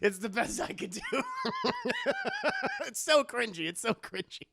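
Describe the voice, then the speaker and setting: A man's voice: high voice, animated, measured pace, gravelly, sharp tone, a little hiss or hum. Rambling, laughing male streamer. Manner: laughing, rambling, self-mocking. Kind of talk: casual live-stream movie recap.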